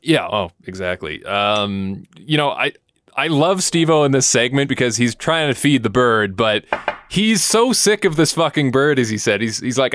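A man's voice: medium pitch, expressive, normal speed, fairly bright tone, dry recording, studio quality. A man co-hosting a casual podcast chat, playful and joking in his asides. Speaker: podcast co-host.

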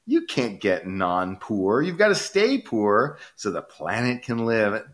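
A man briefly imitating a northern European female climate activist, speaking in a slow, preachy lecturing way. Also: on the low side, big pitch swings, a bit bright, heavily acted.

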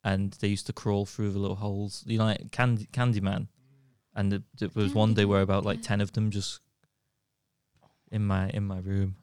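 A man's voice: lowish voice, normal speed, smooth, dry recording, clean studio sound. A man, co-hosting a casual comedy podcast and telling stories while laughing between lines. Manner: animated storyteller who keeps laughing mid-sentence. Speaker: podcast co-host.

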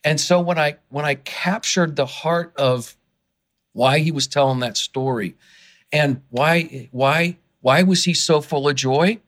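Unhurried and a little high-voiced, this man is an author being interviewed on a podcast. He grows excited and heated while speaking, frequently starting his sentences over.

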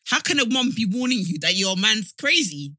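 A woman's voice: fairly high pitch, very animated, normal speed, noisy background. A woman co-hosting a podcast, chatting casually with lots of laughs and slang. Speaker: podcast co-host. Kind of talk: casual chat.

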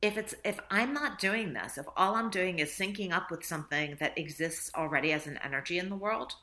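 A woman's voice: lowish voice, brisk, pushed and bright. A woman author talking reflectively in a casual interview, laughing often and acting out little dialogues. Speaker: author guest.

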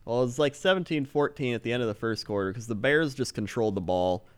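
Laughing podcast host, lively voice. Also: male voice, medium pitch, fast, clean tone. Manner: laughs often, slips into loud mock Chicago sports-fan voices. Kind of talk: casual podcast chat.

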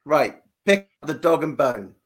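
A man, a podcast guest slowly explaining things in casual chat, with many pauses and fillers. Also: a little high, very animated. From England.

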